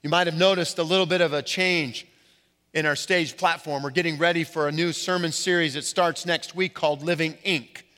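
A pastor giving a sermon to his congregation, leaning hard on key words and slowing down to stress them. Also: fairly high pitch, steady tone, bright, forceful tone. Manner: emphatic preaching with slow stressed words. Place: church sanctuary. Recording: reverberant hall.

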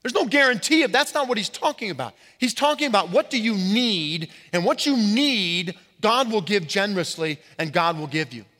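A pastor giving a sermon to his congregation, leaning hard on key words and slowing down to stress them. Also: sits high, sing-song, sharp tone. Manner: emphatic preaching with slow stressed words. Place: church sanctuary. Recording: reverberant hall.

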